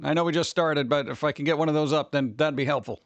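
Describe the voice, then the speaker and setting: High-voiced man rambling on a live stream. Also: quick pace, dry recording, dull audio. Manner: rambling, excitable, greets chat by name. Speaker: livestream host. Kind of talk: casual live-stream chat.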